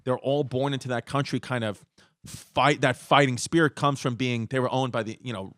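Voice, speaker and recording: Bright rambling podcast host. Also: male voice, medium pitch, steady tone, moderate pace, no room sound, studio quality. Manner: rambling storyteller, playful. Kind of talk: casual chat.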